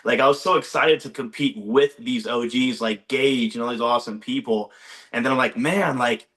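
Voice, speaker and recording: A young man, a former game show contestant, chatting on a video call and excitedly retelling his experience with lots of "like.". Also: mid-range voice, normal speed. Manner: excitable storyteller, heavy use of "like". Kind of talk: casual chat on a video call. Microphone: video call microphone.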